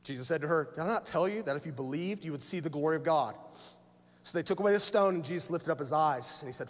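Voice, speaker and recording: A middle-aged male pastor preaching a passionate sermon, rising to forceful lines. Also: fairly high pitch, fast. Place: church sanctuary. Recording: long church hall reverb.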